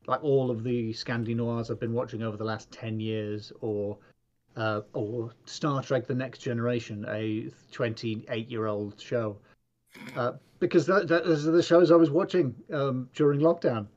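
A man's voice: mid-range voice, normal speed, a little mellow, highs cut off. A man from England talking as a podcast guest in casual chat, dry and self-deprecating, with lots of ums and restarts. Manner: self-deprecating, dry, hesitant with many fillers. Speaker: guest, comedy video maker.

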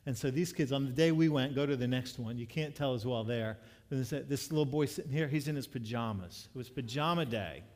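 A man's voice: medium pitch, brisk, few pauses, a little mellow, big-room sound. A man preaching a sermon, telling a story in a conversational way with frequent restarts. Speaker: pastor.

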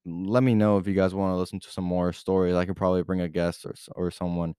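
A man's voice: low voice, level tone, fast, mellow, clear, resonant tone, dry recording, studio quality. A young man hosting his own podcast, telling stories in a rambling, casual way full of filler words and swearing. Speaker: podcast host. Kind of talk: casual storytelling.

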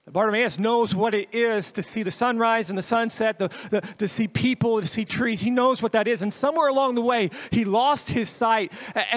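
High-voiced man preaching a lively sermon. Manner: storytelling, lively shifts in pitch and loudness. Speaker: guest preacher.

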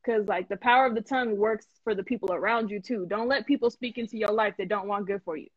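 A woman hosting a live stream in casual chat, animated and emphatic, laughing often and full of slang. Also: mid-range voice, fast, no echo, muffled recording. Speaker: host.

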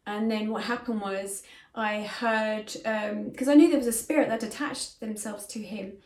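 A woman's voice: medium pitch, fairly even intonation, moderate pace, a little mellow. A middle-aged woman, earnestly telling a personal story as a spiritual medium in a casual, conversational way, recorded in a bedroom at home. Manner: earnest, conversational, with frequent fillers. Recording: echoey room.

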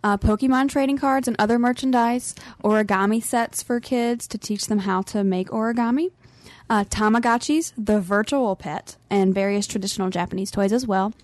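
A woman's voice: mid-range voice, normal speed, a little mellow, dry recording. A young woman co-hosting a casual roundtable podcast, laughing often as she presents her store tour segment. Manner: giggly, laughs often between phrases.

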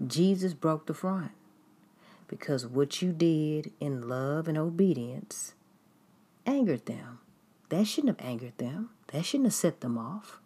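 A woman's voice: low voice, expressive, slow pace, mellow, slightly rough. A woman preaching a sermon in an emphatic, repetitive way, now and then mimicking critics in a raised voice.

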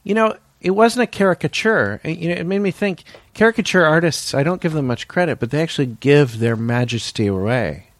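A man's voice: fairly high pitch, animated, brisk, few pauses, dry recording. A man co-hosting a comedy podcast, playful in improvised banter and steering the bit back on track. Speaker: podcast co-host.

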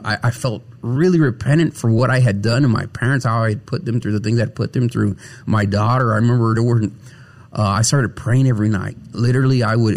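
As an interview guest, a man shares his personal faith testimony with earnest feeling. His voice sits in the mid range, and he often repeats words while searching for the right ones.

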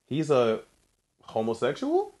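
A man co-hosting a podcast in casual chat, blunt and profane, jumping in with quick reactions. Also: medium pitch, wildly swooping pitch, dark tone. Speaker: podcast co-host.

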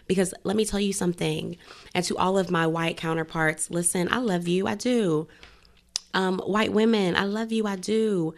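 This woman in her thirties has a lowish, gravelly voice. She talks through a casual podcast chat in a blunt, profane, animated way and laughs easily. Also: moderate pace. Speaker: podcast co-host.

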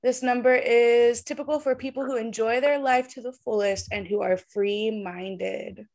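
Giggly higher-voiced woman podcaster. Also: normal speed. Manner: giggly, animated, laughs often. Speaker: podcast co-host and tarot reader. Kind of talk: casual chat. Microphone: video call.

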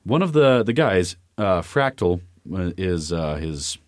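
A man with a low voice co-hosts a casual podcast chat. He rambles, stopping and restarting with plenty of fillers. The sound is dry and close, with no room echo. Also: big pitch swings, measured pace, a little mellow. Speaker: podcast co-host.

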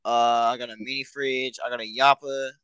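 A man's voice: mid-range voice, level tone, normal speed, fairly bright tone, smooth, no echo, rough recording. A teenage boy co-hosting a casual podcast, laid-back, joking and swearing. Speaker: podcast co-host. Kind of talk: casual chat among friends.

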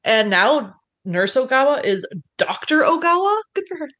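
On a video call, a podcast co-host goes over an episode in a playful, chatty manner with many fillers. Her voice is high, sing-song and fairly bright, at a normal speed.

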